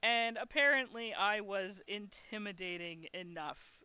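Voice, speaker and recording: Bright, crisp-voiced woman streamer. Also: mid-range voice, takes it slowly, few pauses, no room sound. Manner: chatty, frank, swears freely. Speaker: live-streaming artist. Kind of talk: casual storytelling on a live stream.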